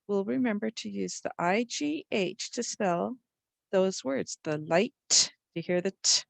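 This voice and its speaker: Woman, spelling teacher for young kids, patient, sounds out letters, slightly creaky voice, dry close sound. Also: mid-range voice, expressive, measured pace, dry recording. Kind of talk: spelling lesson for young children.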